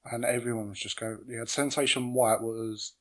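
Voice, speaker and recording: A man's voice: mid-range voice, steady tone, normal speed, a bit bright. A man, a house DJ guest on a podcast, talking keenly and swearing freely. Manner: enthusiastic, swears often. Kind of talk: casual chat.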